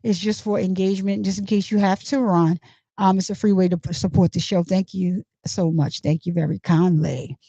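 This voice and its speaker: A woman host reading court transcripts aloud, breaking in with animated, exclamatory asides. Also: lowish voice, moderate pace, slightly rough, dry recording. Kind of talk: casual commentary. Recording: dull lo-fi, dry.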